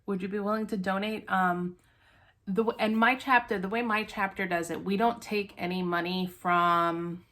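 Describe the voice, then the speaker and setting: A woman's voice: medium pitch, fairly even intonation, normal speed, a bit bright. A woman hosting a stitching vlog, chatting casually to viewers, out of breath, rambling with many ums and restarts.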